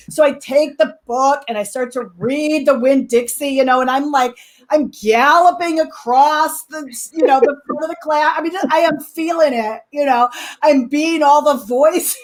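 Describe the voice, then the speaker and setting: Woman, middle-aged, high-pitched, lively anecdote, casual talk. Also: a little slow. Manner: lively, animated anecdote with fillers and laughs. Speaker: co-teaching expert guest. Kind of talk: casual storytelling in a webinar talk.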